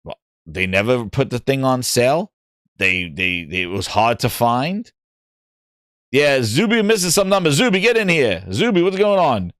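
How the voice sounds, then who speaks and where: A man's voice: mid-range voice, big pitch swings, measured pace, a bit bright, no echo, clean studio sound. A man hosting a gaming livestream, talking casually, reading chat aloud and joking in mocking voices.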